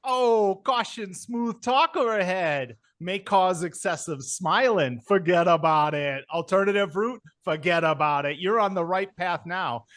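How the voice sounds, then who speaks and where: A man's voice: high voice, a little slow, few pauses, fairly bright tone. A man doing a brash Brooklyn guy. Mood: flirty. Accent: put-on New York Brooklyn. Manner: keeps repeating a catchphrase, swaggering. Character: brash laid-back Brooklyn guy, loud and chummy.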